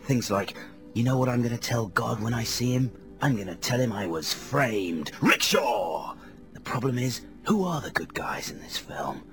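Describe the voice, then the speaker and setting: A man on a comedy radio show impersonating a self-absorbed male film star, talking in a melodramatic breathy stage whisper. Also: mid-range voice, lively intonation, normal speed, lightly acted. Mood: brooding. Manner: melodramatic, self-mocking monologue. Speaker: radio host. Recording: radio broadcast with music underneath.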